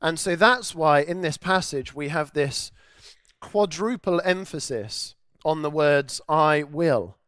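A man delivers a sermon in an earnest, emphatic way, driving his points home through repetition. His voice sits fairly high and comes across smooth and clear. The recording is dry, with little room sound. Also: slow pace, fairly bright tone, no echo. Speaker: preacher.

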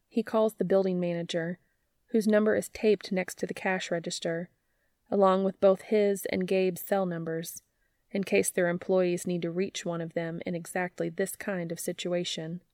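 A woman podcast host reading fan fiction aloud in an even, measured storytelling narration. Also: on the low side, no echo, studio quality.

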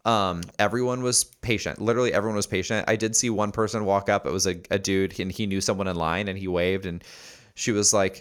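A man's voice: lowish voice, fairly even intonation, fairly quick. A man co-hosting a podcast, chatting casually and telling anecdotes full of ums, acting out the people in his stories. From Los Angeles area resident. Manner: rambling with many ums, acts out voices in his stories. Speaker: podcast co-host. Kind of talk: casual chat, storytelling.

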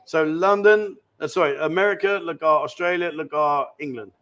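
A man's voice: sits high, rapid-fire, a bit bright. A man hosting a casual live-stream chat from a bar, jokey and chatty as he reads out viewer questions. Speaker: host. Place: indoor bar.

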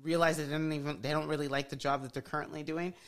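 A woman hosts a podcast interview in a low-pitched voice. She reflects on her own experience and affirms her guest warmly in her words, then moves the talk along. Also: fairly even intonation, fast. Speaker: podcast host.

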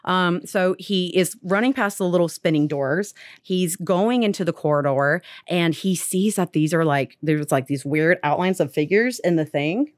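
A woman's voice: fairly low pitch, normal speed, few pauses, no room sound, studio quality. A young woman casually retelling a story on a podcast, full of "like" and acted-out quotes.

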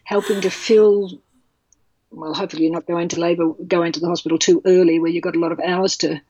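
A woman's voice: lowish voice, fairly even intonation, quick pace, dark tone, muffled recording, slight background noise. Passionate, outspoken woman. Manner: passionate, emphatic, blunt. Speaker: childbirth educator. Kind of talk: podcast interview.

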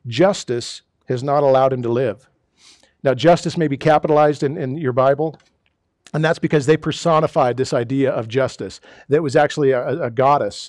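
A man preaching a casual sermon as pastor, conversational and self-deprecating, now and then breaking into mock exasperated shouts. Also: mid-range voice, dry recording, studio quality. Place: church sanctuary.

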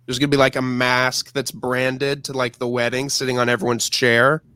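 A man's voice: mid-range voice, little pitch movement, normal speed, sharp tone, clean tone, dry recording. A man co-hosting a podcast, chatting in an upbeat, rambling way with fillers. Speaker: podcast co-host. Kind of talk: casual chat.

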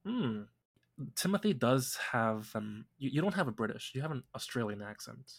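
Gravelly young man in joking banter. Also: medium pitch, sing-song, moderate pace. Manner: joking, teasing, laughs often. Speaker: podcast co-host. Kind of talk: casual chat.

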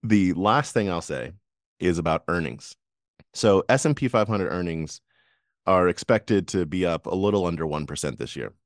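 Low-voiced man in dry casual chat. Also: expressive, normal speed, no room sound. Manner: laughs often, rambling with restarts. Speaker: podcast co-host.

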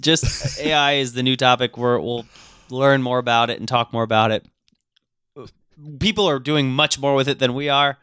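A man in his thirties from Florida co-hosts a casual podcast, talking in a chatty, self-deprecating way. His voice is bright and crisp, and the mic is dry and close. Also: mid-range voice, fairly even intonation, normal speed, dry recording. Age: 30s. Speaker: podcast co-host.

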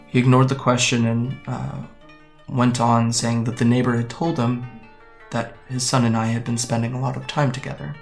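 Male actor, 20s: hesitant, wry young man from Japan, gravelly voice, radio drama. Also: mid-range voice, flat delivery, normal speed, faint music behind, lightly acted. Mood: guarded. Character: guarded young man recounting fleeing home. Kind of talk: audio drama acting.

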